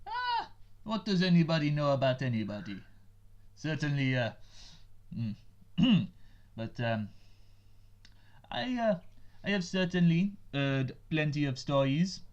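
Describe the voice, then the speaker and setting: Man doing a cagey French-accented wizard, slow and sly, dull lo-fi audio. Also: fairly high pitch, wildly swooping pitch. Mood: evasive. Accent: French, put on. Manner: evasive, hesitant. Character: sly secretive grinning male wizard.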